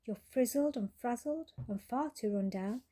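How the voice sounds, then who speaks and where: A woman's voice: on the high side, measured pace, warm tone. A woman voicing a tiny, smug flea that teases in a sing-song way in a read-aloud storybook. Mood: gloating. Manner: teasing, sing-song taunting. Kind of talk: storybook character voice.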